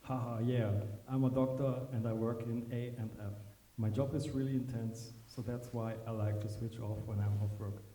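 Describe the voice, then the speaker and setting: This is a dark, mellow-voiced, goofy young doctor who keeps praising himself, read aloud by a man. The lines are slow and jokey. They come from far off the mic in an echoey lecture room. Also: medium pitch, steady tone, natural voice. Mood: smug. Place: lecture room at an art school. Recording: distant, echoey, muffled room sound.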